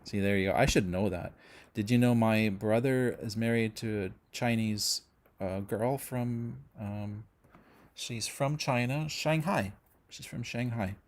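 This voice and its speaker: A man's voice: fairly low pitch, unhurried. Chatty Canadian man hosting a livestream. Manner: chatty, friendly, rambling with many fillers and restarts. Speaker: host of a music channel livestream. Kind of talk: casual livestream chat reading viewer comments.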